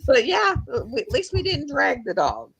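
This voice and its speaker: A woman's voice: high voice, huge pitch swings, normal speed, gravelly, crowd noise. A woman hosting a livestream, telling rambling, folksy stories in casual chat. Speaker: livestream host.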